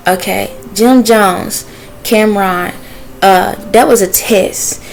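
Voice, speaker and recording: A woman's voice: mid-range voice, takes it slowly, gravelly, a little hiss or hum, poor audio. A woman talking casually in a vlog, relaying messages she says come from spirits and stopping to ask them yes-or-no questions. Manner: chatty with frequent fillers and laughter. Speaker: spiritual messenger vlogger.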